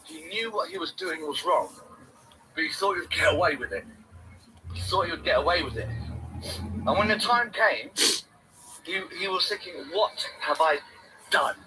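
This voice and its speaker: Guy vlogging, sing-song, keeps repeating stuff, high lively voice. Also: normal speed, long pauses, a little hiss or hum, low-quality recording. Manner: excitable, sing-song, repeats phrases over and over. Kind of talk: rambling self-filmed vlog.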